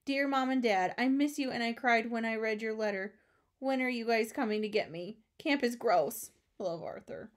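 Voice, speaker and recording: A woman's voice: fairly high pitch, normal speed, close to an everyday voice. A woman reading a storybook aloud, voicing a stubborn, homesick young boy who pleads in letters home. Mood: pleading.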